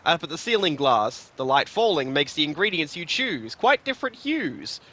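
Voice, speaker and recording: Man doing a jovial mocking dwarf king, grand and bright. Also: fairly high pitch, big pitch swings, moderate pace, exaggerated voice. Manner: laughing, grand.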